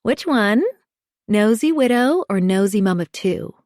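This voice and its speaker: A woman voicing a blunt, teasing female friend in an audiobook, talking frankly in a higher voice. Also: expressive, measured pace, darkish tone, no echo, studio quality, close to an everyday voice. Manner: frank, teasing, raised pitch.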